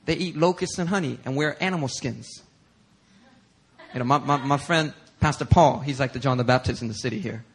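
A male pastor preaching a sermon in a church, telling stories in an animated, conversational way. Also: medium pitch, fairly quick, slight background noise. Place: church sanctuary.

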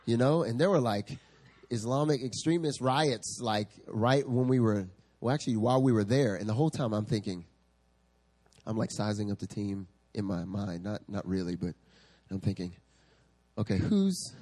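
A male pastor preaching a sermon at a church service, telling stories in an animated way and laughing often. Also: lowish voice, moderate pace.

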